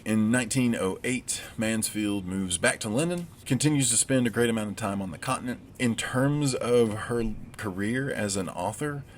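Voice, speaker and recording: A man's voice: medium pitch, a little hiss or hum. A man with a Southern US accent giving a recorded literature lecture, conversational with wry asides. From United States.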